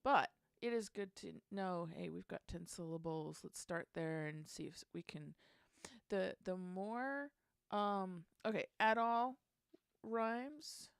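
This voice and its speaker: A woman's voice: fairly low pitch, slow pace, vocal fry, clean tone, no echo. A woman hosting a casual songwriting session, thinking aloud and trying out lyric lines under her breath.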